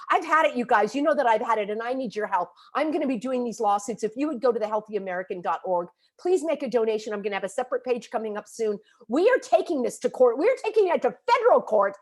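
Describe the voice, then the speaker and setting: An upset, agitated woman delivers a vlog rant straight to her viewers. Her voice sits high and swings widely as she scolds and calls people out, every point pressed with emphatic indignation. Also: lively intonation, fast. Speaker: vlogger and activist. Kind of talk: impassioned direct-to-camera rant.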